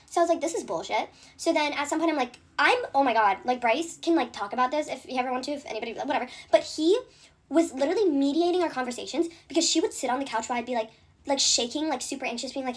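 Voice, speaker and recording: A young woman rattles through a storytime rant at high speed, her voice high and a little husky. She sounds indignant, piling on fillers and swearing as she goes. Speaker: content creator.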